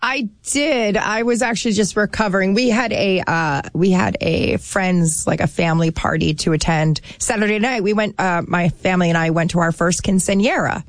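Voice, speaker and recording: A woman from New Jersey talks in a casual, rambling way, packing her stories with fillers and bursts of excitement. Her voice sits on the low side for a woman. The sound is close and dry, with no room around it. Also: normal speed, few pauses, dry recording. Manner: chatty, lots of fillers, animated storytelling. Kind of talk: casual chat.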